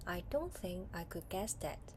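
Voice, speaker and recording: A woman with a Hong Kong English accent voicing a big, calm, grown male hare from a storybook, read softly and slowly. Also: on the low side, a little hiss or hum. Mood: fond. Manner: slow, soft storybook reading.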